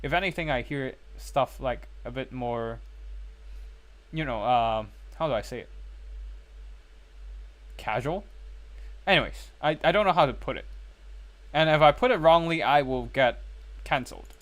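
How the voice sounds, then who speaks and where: A man's voice: mid-range voice, measured pace, pauses often, a bit bright. A man casting a live strategy game tournament, chatting with viewers between play-by-play calls. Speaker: tournament caster and streamer.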